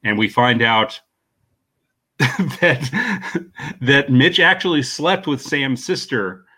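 A man's voice: mid-range voice, expressive, takes it slowly, bright, forceful tone, husky. A man hosting a casual movie podcast, chatting and laughing as he recaps a plot. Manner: chatty, laughs often, acts out quotes. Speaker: podcast host.

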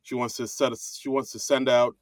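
A man's voice: mid-range voice, flat delivery, no echo. Stammering man on a dry mic. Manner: halting, stammering, restarts often. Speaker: podcast co-host. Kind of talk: casual movie review chat.

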